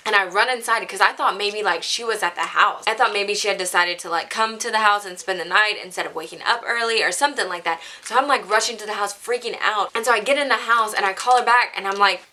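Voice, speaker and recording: A woman's voice: mid-range voice, fast, hardly any pauses, pushed and bright. A young woman telling a story to her camera in a casual, chatty way, filling it with "like" and laughing. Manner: chatty, says "like" constantly, laughs while telling. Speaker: vlogger.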